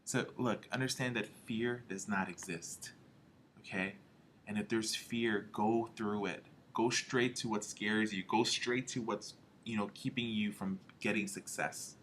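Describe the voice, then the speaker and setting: A man's voice: fairly low pitch, steady tone, a little slow, fairly bright tone, slight background noise. A man leading a motivational marketing training talk in an emphatic way, often checking in with "all right?" and "okay?". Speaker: home health marketing trainer.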